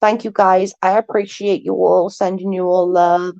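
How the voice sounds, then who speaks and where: A woman's voice: on the low side, flat delivery, normal speed, gravelly, mellow, no room sound, dull audio. A woman hosting a live stream, chatting casually with viewers; she is tired, stutters a little and keeps restarting her sentences. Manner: mild stutter.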